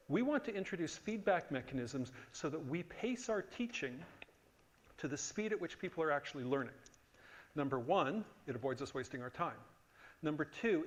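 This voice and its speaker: A middle-aged man teaching a conference tutorial, emphatic and joking, often checking that the room agrees. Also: on the high side. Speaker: workshop instructor. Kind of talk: lively conference tutorial lecture.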